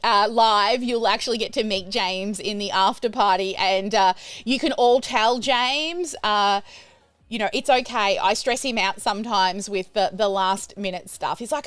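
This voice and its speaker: A middle-aged woman, a business coach teaching on a livestream in a bubbly, loud and energetic way. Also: on the high side, a little slow, no room sound.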